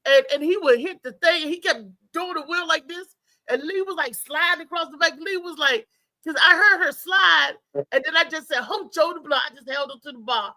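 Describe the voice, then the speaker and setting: A woman comedian with a high, bright, sharp voice tells comic stories in a loose chat, animated and quick to laugh. She acts out the people in her stories. The sound is close and dry, with no room around it. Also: no room sound. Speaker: stand-up comedian guest. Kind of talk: casual chat, comic storytelling.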